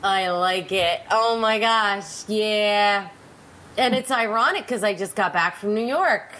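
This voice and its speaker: A woman's voice: medium pitch, slow, a bit bright. Nasal, chatty woman radio host. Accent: Pennsylvania. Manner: chatty, self-mocking, rambling. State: nasal from a cold. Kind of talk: casual radio chat.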